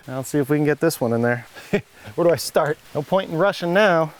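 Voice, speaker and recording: A man's voice: mid-range voice, expressive, fairly quick. A man hosting home repair videos, chatting casually and muttering in an exasperated, self-mocking way while he works outdoors.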